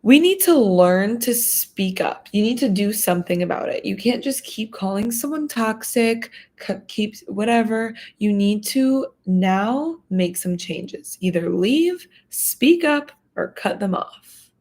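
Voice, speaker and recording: A woman's voice: mid-range voice, expressive, measured pace, darkish tone. A young adult woman giving firm, emphatic advice straight to camera, repeating her key points. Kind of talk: direct-to-camera advice talk.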